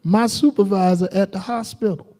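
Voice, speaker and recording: High-voiced preacher man. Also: moderate pace, dark tone. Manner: folksy storytelling with laughs and acted-out quotes. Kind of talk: informal sermon on a livestream.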